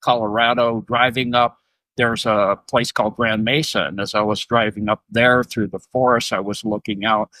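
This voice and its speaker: A man's voice: on the low side, moderate pace, dry recording. A middle-aged man, a retired Navy submariner, telling stories as a podcast guest, acting out dialogue and chuckling often. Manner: animated, acts out dialogue in raised voices, chuckles often. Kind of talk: casual storytelling interview.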